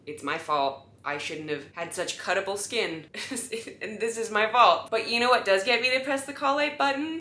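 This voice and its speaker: A woman in her thirties tells a story in a casual monologue, moving between hushed asides and exasperated bursts. Her voice is bright and forceful and sits a little low. The room adds a noticeable echo, with a faint rumble underneath. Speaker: storyteller vlogger.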